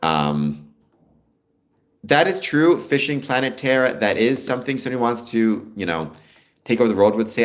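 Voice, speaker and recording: A man's voice: mid-range voice, sing-song, normal speed. A Canadian man hosting a casual livestream, chatting and answering viewer comments as they come in. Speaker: livestream host. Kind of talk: casual live-stream chat with viewers.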